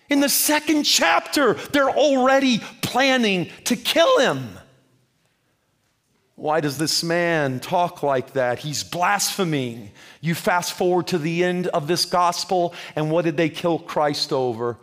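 A male preacher with a notably high-pitched voice delivers a sermon. His delivery is fervent and rhythmic, and he keeps addressing the congregation as friends as he presses his points home. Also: unhurried, a bit bright.

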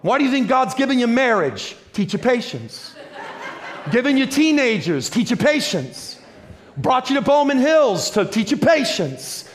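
High-voiced man preaching a lively sermon. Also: a little slow. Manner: lively, humorous preaching with repeated phrases. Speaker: pastor.

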